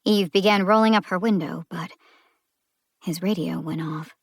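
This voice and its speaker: A woman narrating a thriller audiobook in a measured storytelling style. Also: fairly low pitch, no echo, clean studio sound.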